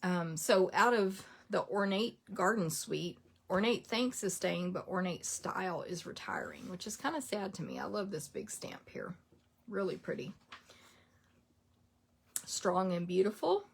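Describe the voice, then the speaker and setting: A chatty woman rattles through a list in a relaxed, casual rundown. Her fairly low voice has a gravelly, husky edge. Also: measured pace. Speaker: craft product demonstrator.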